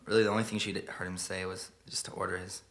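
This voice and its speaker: A man quietly murmuring a story as the spoken intro of a song. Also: deep voice, little pitch movement, fast. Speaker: singer telling a story before a song. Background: plucked guitar music.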